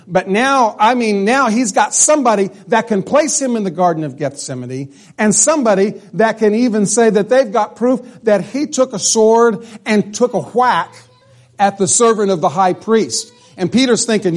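Preacher with a fairly high voice. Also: male voice, lively intonation, normal speed, few pauses. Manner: emphatic, drops to a hush for dramatic lines; repeats and restarts words while preaching. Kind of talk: sermon.

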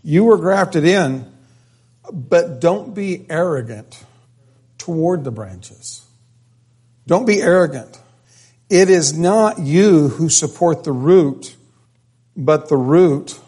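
A male preacher working through scripture at a slow, deliberate pace, his voice sitting a little high. He reads a passage aloud, then leans on key words and repeats them for emphasis. He thinks aloud as he goes, with restarts and quick asides. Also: a little mellow. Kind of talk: expository sermon.

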